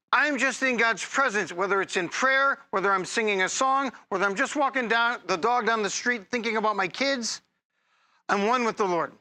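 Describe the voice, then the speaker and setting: Guy preaching a sermon, super high voice, bright sharp sound, chatty and funny then fired up. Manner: energetic preaching with bursts of emphasis; conversational and humorous. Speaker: pastor.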